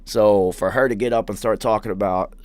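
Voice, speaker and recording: Young male podcast host, low voice, loose profane storyteller. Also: steady tone, brisk, darkish tone. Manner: profane, rambling anecdotes with laughs. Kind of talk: casual storytelling.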